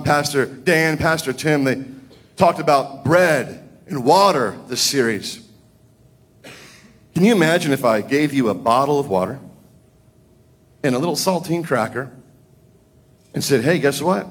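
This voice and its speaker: A man preaching a sermon, his voice rising and falling widely as he builds his points. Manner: preaching with big swings in pitch and volume. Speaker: pastor.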